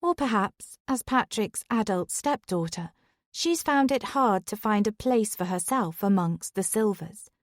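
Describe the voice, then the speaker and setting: A woman narrating a first-person thriller in a measured, even storytelling manner. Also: mid-range voice, no echo, clean studio sound. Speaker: audiobook narrator.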